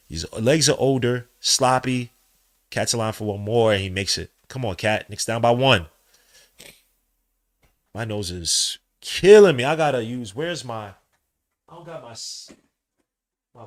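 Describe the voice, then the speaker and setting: Excitable New man calling a game. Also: mid-range voice. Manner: swings from muttered play-by-play to loud outbursts, slangy. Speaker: podcast host. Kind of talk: excited live watch-along commentary.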